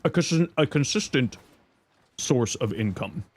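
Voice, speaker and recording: A man livestreaming in casual chat, reading viewer messages aloud and thanking subscribers, thinking out loud. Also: animated, unhurried. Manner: squeaky high-pitched outbursts of surprise. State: chewing an apple.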